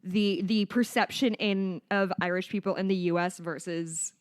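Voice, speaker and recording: A woman podcast host who grew up in Chicago, in relaxed conversation. She frames her questions at length with personal stories before handing them to her guest. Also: fairly low pitch, moderate pace, clear, resonant tone. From Chicago, USA. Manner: chatty, asks long framing questions. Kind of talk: casual interview chat.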